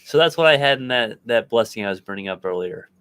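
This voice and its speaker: A man's voice: medium pitch, expressive, fast talker, a bit bright, smooth, no echo. A man co-hosting a paranormal podcast, telling stories in a rambling casual way with lots of fillers and restarts, recorded in a home studio. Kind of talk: casual chat.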